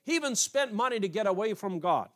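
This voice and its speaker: A man from an Amish background preaching, reading scripture aloud and commenting in a halting, repetitive way. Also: high voice, lively intonation. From Amish community. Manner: halting, repeats words while reading aloud. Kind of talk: informal sermon reading scripture.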